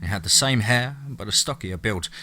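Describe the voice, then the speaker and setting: A man reading a novel aloud as narrator, steady storytelling. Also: lowish voice, moderate pace. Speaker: audiobook narrator. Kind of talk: scripted narration.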